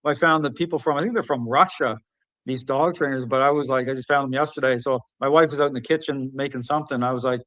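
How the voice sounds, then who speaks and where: A man hosting a podcast, speaking casually and telling stories with animated emphasis. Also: mid-range voice, fast, no echo. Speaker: podcast host and dog trainer. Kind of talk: casual conversation.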